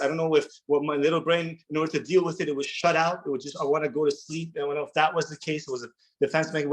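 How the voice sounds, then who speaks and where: Guy telling his sobriety story, bit high voice, keeps restarting, earnest. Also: poor audio. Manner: earnest, repeats words and restarts often. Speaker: recovery workshop speaker. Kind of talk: personal recovery share.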